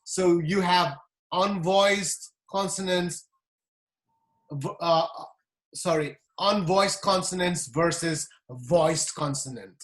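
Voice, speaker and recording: Slow, deliberate teacher. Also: male voice, high voice, a bit bright. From Nepal. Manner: slow and deliberate, sounding out syllables. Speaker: language teacher. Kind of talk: classroom lesson.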